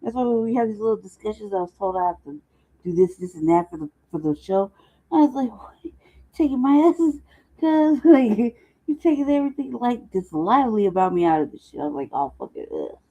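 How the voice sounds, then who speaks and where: A woman's voice: mid-range voice, animated, fast, warm tone. A woman hosting a casual commentary chat, laughing often and talking in loose slang. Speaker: host. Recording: dull lo-fi sound.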